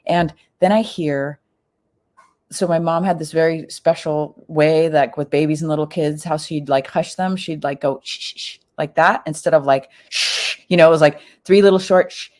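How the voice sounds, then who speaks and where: A middle-aged woman with a slightly low voice tells a personal story as a podcast guest. She talks casually, with many fillers, and acts out what people said in her quotes. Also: steady tone, normal speed, darkish tone.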